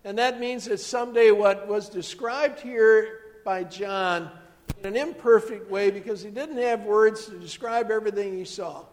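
High-voiced pastor preaching in a reverberant hall. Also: male voice, fairly even intonation, normal speed. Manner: storytelling, drops to soft hushed tones for emphasis. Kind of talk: sermon.

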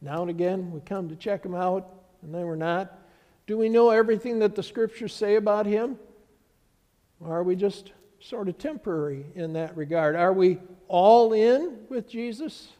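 A man's voice: high voice, moderate pace, dark tone, in a large hall. A middle-aged man preaching a sermon as pastor, telling stories in a conversational way with voices for the people he quotes. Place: church sanctuary.

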